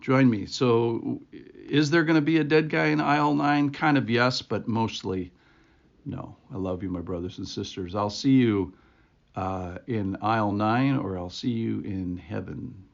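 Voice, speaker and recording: Gravelly man giving earnest devotional talk. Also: lowish voice, measured pace. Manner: earnest, conversational, reflective. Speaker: devotional podcast host. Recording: dull lo-fi recording.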